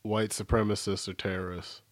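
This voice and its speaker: A man hosting a podcast in a relaxed, joking way, rambling with fillers. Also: lowish voice, normal speed. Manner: laid-back, jokey, rambling with fillers. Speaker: podcast host. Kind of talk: casual chat.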